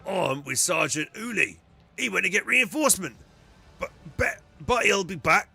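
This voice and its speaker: A man voicing a hulking, dim-witted male ogryn soldier, speaking slowly and simply while reading game dialogue aloud. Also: sits high, animated, gravelly, sharp tone, husky, voice pushed up, exaggerated voice. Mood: stubborn. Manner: slow, simple, stubborn speech.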